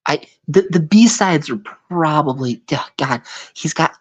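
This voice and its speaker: A man's voice: fairly high pitch, animated, unhurried, breathy edge, dull audio. A man in casual chat on a live stream, rambling and tripping over his words. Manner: rambling, stumbles over words, slips into put-on voices. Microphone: home microphone on a live stream.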